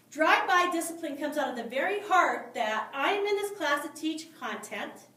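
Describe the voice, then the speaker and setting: A woman's voice: high voice, sharp tone. A woman teacher trainer explaining classroom discipline strategies, posing frequent rhetorical questions to her listeners. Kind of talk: instructional talk with demonstrations. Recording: roomy, mic at a distance.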